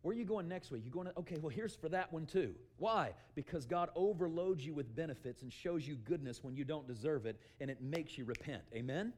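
A man preaching a sermon in an animated way, acting out little scenes, calling for amens and sometimes shouting. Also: a little high, a little fast, few pauses. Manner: animated, shouts for emphasis and acts out quotes; calls for amen often.

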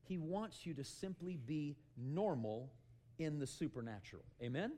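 A man preaching a sermon in an animated way, acting out little scenes, calling for amens and sometimes shouting. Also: fairly high pitch, normal speed. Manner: animated, shouts for emphasis and acts out quotes; calls for amen often.

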